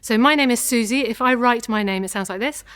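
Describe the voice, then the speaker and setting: A singing teacher from England with a fairly high voice leads a vocal warm-up lesson, speaking a little fast. She gives clear step-by-step instructions, demonstrates each sound before learners copy it, and stays encouraging throughout.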